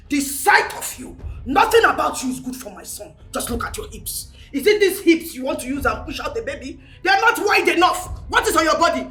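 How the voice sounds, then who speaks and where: A scornful, bossy Nigerian mother-in-law who shouts down everyone in the house. Her voice sits very high and leaps about wildly. A roomy echo hangs around every line. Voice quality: loud, insulting, shouting. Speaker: film actress. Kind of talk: Nollywood film acting.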